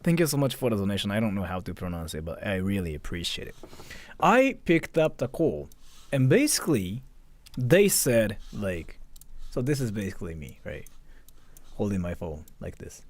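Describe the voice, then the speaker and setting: A man's voice: fairly low pitch, very animated, normal speed, darkish tone, no room sound. A young man streaming and chatting casually, reading donations and telling a story in a rambling way full of "like". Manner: rambling, filler-heavy with frequent "like".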